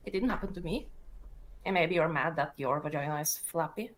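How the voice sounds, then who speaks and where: A woman's voice: deep voice, fairly quick, a little hiss or hum, rough recording. A woman talking casually on a livestream, defensive and dismissive. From Norway.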